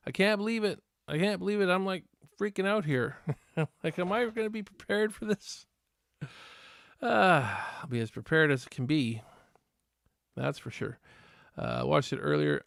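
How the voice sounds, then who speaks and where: A man's voice: fairly high pitch, no room sound, clean studio sound. A man hosting a casual live stream reaction, chatting to viewers in a rambling, easygoing way with many restarts.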